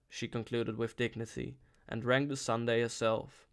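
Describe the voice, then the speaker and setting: A man narrating an audiobook in a steady voice, with occasional restarts on words. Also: mid-range voice, moderate pace, smooth. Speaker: audiobook reader. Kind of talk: unscripted-feel audiobook narration.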